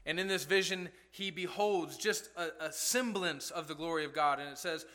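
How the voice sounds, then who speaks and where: A man's voice: fairly high pitch, moderate pace, few pauses, sharp tone. A male pastor preaching a sermon in a conversational way, asking rhetorical questions as he goes.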